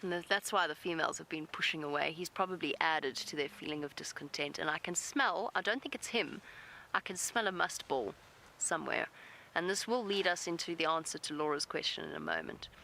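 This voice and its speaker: A woman safari guide giving live wildlife commentary outdoors, calm and gentle, talking softly to the animals near her vehicle and answering viewer questions. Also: deep voice, brisk, creaky, a little hiss or hum, poor audio.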